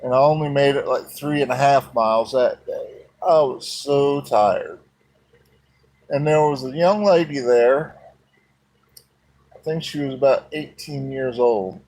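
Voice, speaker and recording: A man's voice: mid-range voice, moderate pace, darkish tone, low-quality recording. A man telling a personal story in a folksy, plain-spoken way.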